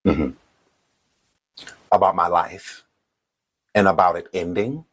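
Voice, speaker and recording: A man's voice: low-pitched, fairly even intonation, slow pace, husky. A man hosting a casual livestream, speaking straight to his viewers and often checking in with "okay?". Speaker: livestream host.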